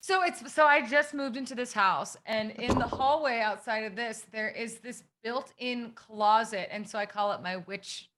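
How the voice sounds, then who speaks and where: A woman's voice: fairly high pitch, normal speed, few pauses, fairly bright tone, slight background noise. A woman joining a class over a video call, chatting casually and rambling through a story. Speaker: class participant. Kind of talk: casual chat.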